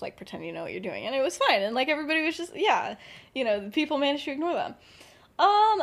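Chatty young woman, fairly high voice. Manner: rambling, filler-heavy, acts out characters with laughs. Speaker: podcast co-host. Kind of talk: casual storytelling chat.

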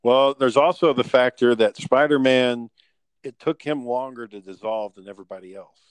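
A man's voice: medium pitch, moderate pace, smooth, no echo, poor audio. A man chatting casually about a movie, brash and profane, talking with gleeful bluntness.

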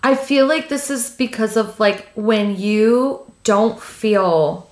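A woman co-hosting a podcast in casual chat, chatty and quick to react with enthusiasm. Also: a little high, roomy sound. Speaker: podcast co-host.

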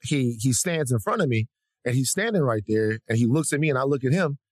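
A man's voice: mid-range voice, a little fast, no room sound. A male podcast co-host telling a story with energy and profanity, acting out the people in it. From Africa. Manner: lively, profane, mimics people in his stories. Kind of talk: animated storytelling chat.

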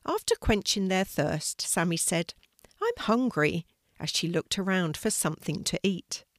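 An older woman telling a children's story aloud, in a gentle, expressive way. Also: on the low side, moderate pace, no echo, studio quality.

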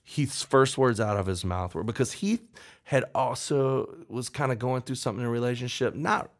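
A man's voice: medium pitch, moderate pace. A man who writes songs, telling a story in an interview, rambling and acting out what people said. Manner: animated, rambling, acts out quotes in raised voice. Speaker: songwriter.

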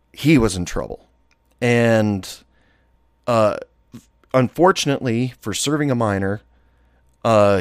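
A man's voice: fairly low pitch, no echo, studio quality. A man, a former bartender, telling a casual story, rambling with fillers and restarts.

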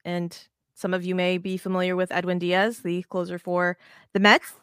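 A woman co-hosting a casual baseball podcast, talking in an animated, rambling way with restarts and plenty of swearing. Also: lowish voice, moderate pace, clear, resonant tone, no room sound, studio quality. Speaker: podcast co-host.

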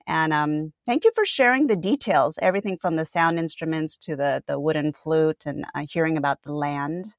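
Woman podcast host, excited chatty vibe, laughs a lot, lowish voice, dead dry recording. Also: normal speed, hardly any pauses, dry recording. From Washington state. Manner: warm, enthusiastic, laughs often. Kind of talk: casual interview.

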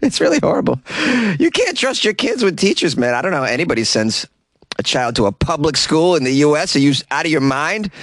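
A man's voice: a little high, big pitch swings, fairly quick, no echo. A man hosting a comedy news podcast, reading stories and breaking in with sarcastic, mock-outraged jokes and frequent laughs. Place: small closet.

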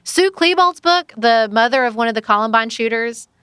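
Bright, earnest woman podcast guest. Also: fairly high pitch, lively intonation, normal speed, smooth, no echo, clean studio sound. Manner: earnest, emphatic, heartfelt. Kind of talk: casual book-review chat.

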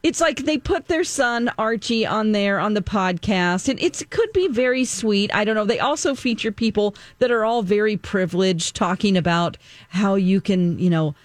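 A woman's voice: medium pitch, expressive, normal speed, hardly any pauses, dry recording. Opinionated woman radio co-host. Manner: opinionated, rambling, laughs a lot. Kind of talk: casual radio banter.

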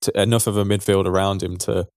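A man's voice: low-pitched, flat delivery, fast talker, no echo, studio quality. A man chatting about football, hesitant and saying "like" often. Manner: hesitant, says "like" a lot. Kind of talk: casual football chat.

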